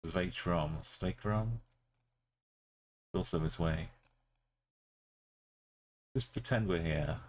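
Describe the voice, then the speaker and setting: A man's voice: low-pitched, slow pace, pauses often, a little mellow, a little hiss or hum. A man streaming live, thinking aloud as he plays and chatting casually with his viewers. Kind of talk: casual live-stream commentary while playing.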